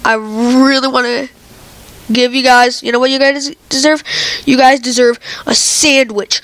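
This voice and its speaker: A woman hosting a casual vlog, talking to viewers in an excitable, rambling way with lots of fillers, while she has a cold. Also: sits high, normal speed. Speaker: channel host. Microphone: computer recording software.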